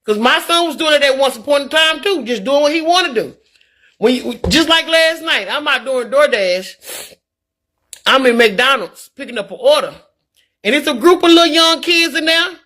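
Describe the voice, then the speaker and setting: Livestreamer woman, middle-aged, earnest and preachy, bright tense voice, stumbles over repeated words. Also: sits high, expressive, normal speed. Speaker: livestreamer reading viewer comments. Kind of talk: candid live-stream talk.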